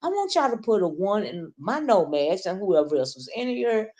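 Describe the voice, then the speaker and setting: A woman's voice: mid-range voice, big pitch swings, normal speed, mellow. A woman, chatting casually on a livestream, greeting viewers by name and calling them honey. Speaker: livestream commentator. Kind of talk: casual live-chat commentary.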